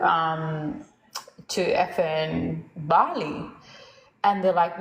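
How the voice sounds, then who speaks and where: A woman hosting a casual chat, telling a story in an animated way and acting out the other people in it. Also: mid-range voice, a little slow, roomy sound, a little hiss or hum, low-quality recording. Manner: animated, laughs at herself, acts out quoted voices. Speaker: host.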